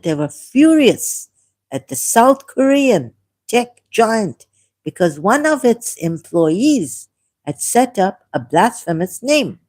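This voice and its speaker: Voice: medium pitch, darkish tone. A vlogger, not a native English speaker, reading an article aloud with rambling commentary, hesitant and self-correcting with frequent small laughs, sore from a recent cough. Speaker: ex-Muslim vlogger.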